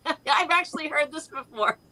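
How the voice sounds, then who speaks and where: A woman from Texas chatting casually on a group show, bubbly and quick to giggle. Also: high voice, animated, pushed and bright, dry recording. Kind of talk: casual chat.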